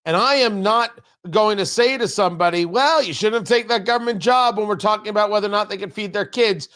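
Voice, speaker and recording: A man's voice: sits high, fast talker, a bit bright. A middle-aged man hosting a political talk show, speaking emphatically and sarcastically, repeating lines for punch. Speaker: radio talk show host.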